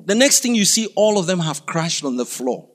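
High-voiced animated male preacher. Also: moderate pace. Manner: animated, acts out scenes with sudden shouts. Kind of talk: storytelling sermon.

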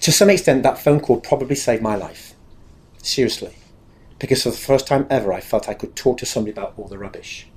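Man, confessional testimony, earnest, acts out dialogue, mid pitch. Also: fast, a little mellow. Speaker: speaker giving personal testimony. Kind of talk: candid spoken testimony.

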